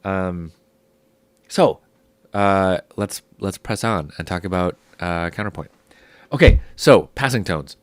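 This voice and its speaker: A young man with a sick, hoarse voice, casually teaching a music theory lesson step by step. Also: deep voice, slow pace, no echo. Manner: relaxed, explaining step by step with fillers.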